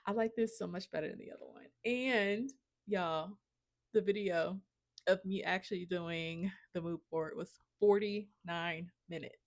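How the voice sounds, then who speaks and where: A woman vlogging about her writing, chatting casually and excitedly to her viewers and often calling them y'all. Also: on the low side, unhurried, no echo. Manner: gushing, excitable, says y'all a lot. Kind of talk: casual chat to camera.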